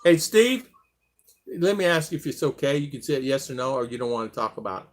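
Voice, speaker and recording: Lively older American man on a live stream. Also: brisk. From United States. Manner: rambling, reads chat aloud, lively pitch swings. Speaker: live stream host reading viewer comments. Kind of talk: casual live stream chat.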